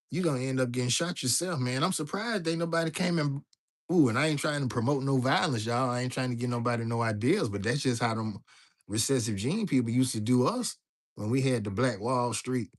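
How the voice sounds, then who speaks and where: A man hosting a casual livestream, talking loosely and greeting viewers from the chat. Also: mid-range voice. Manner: loose, chatty, talks to viewers directly, reads chat aloud. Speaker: livestream host.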